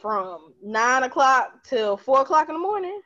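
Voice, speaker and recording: Female podcast co-host, chatty storyteller, slightly high pitch, muffled recording. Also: big pitch swings, measured pace, fairly bright tone. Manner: loose storytelling, laughing often. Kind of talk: casual chat among friends. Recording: dull lo-fi sound.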